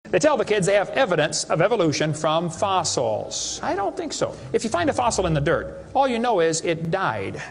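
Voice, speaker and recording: A man's voice: sits high, very animated, normal speed, creaky, hardly any pauses, big-room sound. A man giving a creationist seminar lecture to an audience, sarcastic and mocking as he tells stories.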